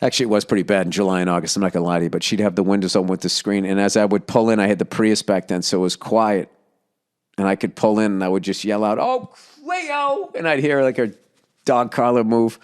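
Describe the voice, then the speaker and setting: A man with a somewhat low voice tells a casual story as a podcast host. He rambles, full of filler words and the odd swear word, and sounds fond as he looks back. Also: steady tone, quick pace, clear, resonant tone. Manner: fond and reminiscing.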